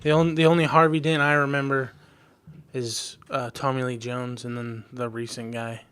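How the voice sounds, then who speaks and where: A man's voice: mid-range voice, flat delivery, normal speed, fairly bright tone, clear, resonant tone. A man co-hosting a podcast, chatting in an easygoing, agreeable way. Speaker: podcast co-host. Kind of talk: casual chat.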